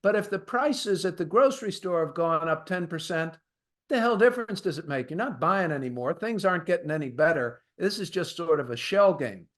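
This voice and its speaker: A man with a fairly high-pitched voice hosts a markets podcast. He explains economic ideas in plain, folksy terms and often turns to address his listeners directly. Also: lively intonation, moderate pace, fairly bright tone. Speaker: podcast host. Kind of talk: conversational market commentary.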